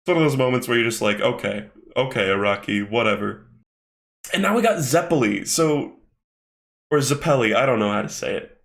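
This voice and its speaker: A man's voice: medium pitch, lively intonation, fast, creaky. A young man hosting a casual commentary while skimming a manga, swearing often and rambling with lots of fillers. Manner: profane, rambling, with many fillers. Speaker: host.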